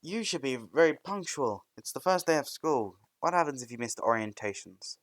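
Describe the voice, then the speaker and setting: A man's voice: mid-range voice, animated, normal speed, fairly bright tone, no room sound, voice pushed up, close to an everyday voice. A man voicing a stiff, rule-bound schoolboy who lectures a classmate, in a fan storybook reading. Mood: lecturing. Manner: prim, lecturing.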